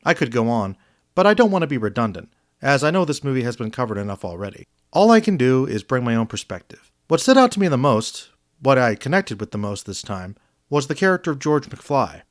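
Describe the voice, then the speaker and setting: A man narrates a scripted film review in an earnest, reflective tone. His pitch moves a lot as he stresses his points. The voice sounds dry and close, with no room echo. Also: big pitch swings, a little fast. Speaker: video essayist.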